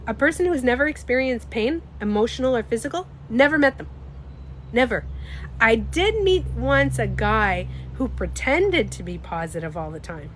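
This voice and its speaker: A woman with a slightly stuffy nose, chatting casually on a livestream. She talks in an animated, emphatic way, swears freely and speaks to her viewers. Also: mid-range voice, a little hiss or hum. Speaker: livestreamer and beauty coach.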